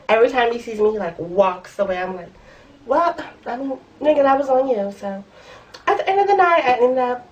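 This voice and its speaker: A woman's voice: on the high side, slight background noise. A young woman vlogger telling a blunt, profane story in casual slang, recorded in her room. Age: young adult. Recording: voice a bit far from the mic.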